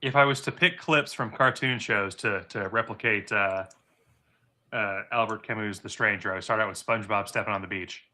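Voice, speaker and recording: A man's voice: on the low side, normal speed, bright, forceful tone. A man co-hosting a livestream, chatting casually with sardonic jokes and mock rants. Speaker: livestream co-host. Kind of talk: casual chat.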